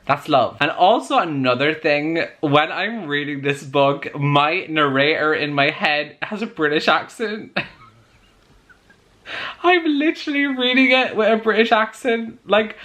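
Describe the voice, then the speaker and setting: A young man chatting excitedly in a casual book vlog, with plenty of "like" fillers. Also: mid-range voice. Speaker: book vlogger. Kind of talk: casual chat.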